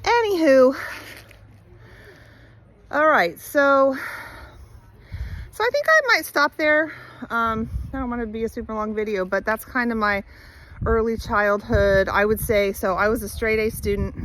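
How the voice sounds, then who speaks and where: A woman's voice: on the high side, measured pace, pauses often, a bit bright, low-quality recording. A woman vlogger telling her life story in a candid, chatty way with many fillers and easy laughs, outdoors while walking her dog. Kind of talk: casual personal storytelling.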